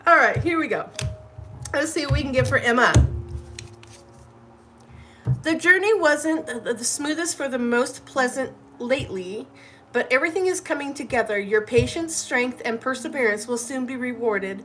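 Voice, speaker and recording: A woman's voice: sits high, lively intonation, moderate pace, bright, forceful tone, slight background noise. A woman hosting a live tarot reading, chatty and effusive, often tagging her lines with "literally" and "right?".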